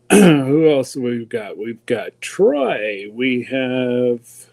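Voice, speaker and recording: A man's voice: medium pitch, very animated, very slow, vocal fry, a little mellow. A man hosting a casual livestream, chatty and folksy, greeting viewers one by one. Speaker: livestream host.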